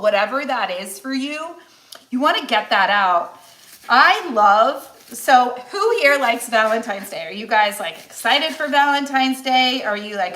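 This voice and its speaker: A woman in her forties with a bright, fairly high voice talks in a chatty, encouraging coaching tone, often restarting her sentences. She speaks casually as a nutritionist on a cooking livestream. Her voice carries the echo of a home kitchen. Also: lively intonation, unhurried. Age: 40s. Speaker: nutritionist and weight loss coach.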